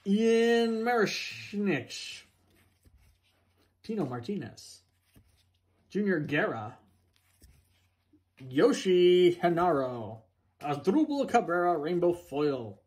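A man's voice: high-pitched, sing-song, darkish tone. A man reading out player names during a card box break, with playful asides. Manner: slow, singsong name-calling with playful asides.

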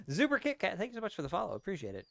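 A young Canadian man streaming a farming game, chatting casually with viewers, excitable and apologetic, sometimes shouting. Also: high-pitched, vocal fry. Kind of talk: casual live-stream chat. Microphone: desk mic.

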